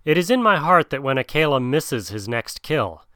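A man voicing a wise, protective male black panther in a storybook reading, speaking softly and low, growing urgent when he gives advice. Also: sing-song, normal speed, dry recording, studio quality. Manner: soft and low, then urgent.

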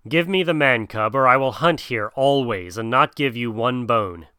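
A man's voice: mid-range voice, expressive, moderate pace, bright, forceful tone, clean tone, no echo, clean studio sound. A man voicing a menacing male tiger who roars and snarls with hatred. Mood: contemptuous. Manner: roaring, snarling.

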